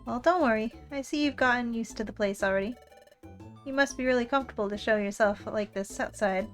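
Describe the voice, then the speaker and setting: A relaxed cave dweller who teases a newcomer in an easygoing tone, read aloud by a woman. The voice sits slightly high. Quiet game music hums in the background. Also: brisk, natural voice. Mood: teasing.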